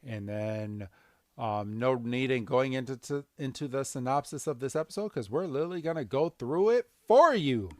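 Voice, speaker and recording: A man's voice: medium pitch, normal speed, no echo, studio quality. A man hosting a podcast, recapping a cartoon episode casually and acting out scenes. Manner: animated, acts out scenes. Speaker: podcast host.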